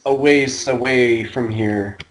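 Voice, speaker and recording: A man's voice: medium pitch, fairly even intonation, slow pace. A man playing a tabletop game, chatty and a bit hesitant, narrating his character's actions. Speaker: tabletop player. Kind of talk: casual in-character chat.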